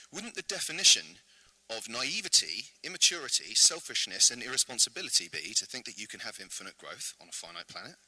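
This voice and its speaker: A man's voice: fairly low pitch, bright, forceful tone, dry recording, poor audio. Earnest British man giving a talk. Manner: earnest, rhetorical, clears throat often. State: slightly out of breath. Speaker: invited speaker. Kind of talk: prepared presentation speech. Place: event venue.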